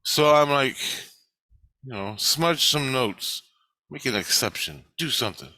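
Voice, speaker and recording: A man's voice: mid-range voice, lively intonation, measured pace, pushed and bright, no room sound. A middle-aged man rambling through a blunt, profane personal monologue about his spiritual life. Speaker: spiritual vlogger.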